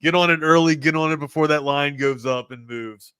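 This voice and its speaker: A male sports talk host giving betting picks in a loose, excitable, slangy way. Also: fairly high pitch, brisk, smooth, dry recording, clean studio sound. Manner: loose and excitable, slangy, says "man" a lot.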